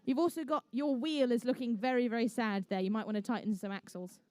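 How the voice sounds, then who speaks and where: A woman's voice: a little high, steady tone, fast talker, darkish tone, no echo. A young woman with an English accent, refereeing and commentating a live competition in a playful, chatty way with jokey asides. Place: indoor competition venue.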